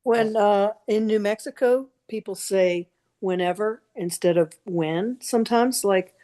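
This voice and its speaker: A woman's voice: mid-range voice, unhurried, dark tone. A woman taking part in a casual class discussion, chatty with blunt asides. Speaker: class member.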